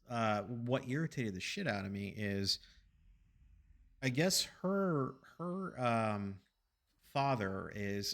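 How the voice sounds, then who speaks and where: A man's voice: fairly low pitch, fairly bright tone. A man streaming games, telling a story casually with rambling, profane asides to his chat.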